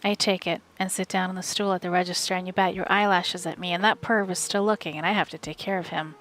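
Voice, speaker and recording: A woman streamer reading a novel aloud live from home, in steady, wry first-person narration. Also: fairly low pitch, fast.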